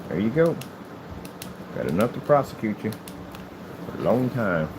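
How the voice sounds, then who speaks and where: A man from the United States, a hobby crafter who owns his channel, delivers a rambling vlog monologue about it. His lowish voice is sing-song and unhurried, his ranting emphatic and repetitive, with background noise behind him.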